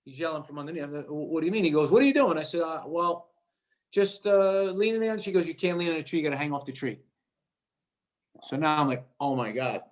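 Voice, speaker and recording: A male actor guest telling a lively anecdote, acting out the voices of the people in it and often repeating his words. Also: a little high, quick pace. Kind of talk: animated storytelling.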